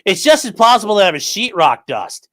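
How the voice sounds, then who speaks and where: A man's voice: sits high, big pitch swings, a little fast, pushed and bright. A man hosting his channel, mocking a court filing in profane, incredulous commentary and talking to his live chat. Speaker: channel host.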